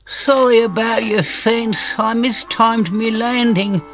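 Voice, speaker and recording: A man voicing a clumsy, sniffling cuckoo bird in a children's story, in a slow, drawling, high voice. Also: steady tone, creaky, a bit bright, soft background music, heavily acted. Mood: glum.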